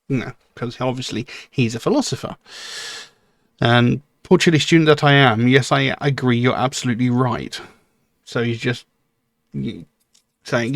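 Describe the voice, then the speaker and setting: A man's voice: medium pitch, moderate pace, no echo. Man musing over a song, dry close sound. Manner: musing, thinks aloud with frequent fillers. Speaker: music reaction channel host. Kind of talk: casual spoken commentary.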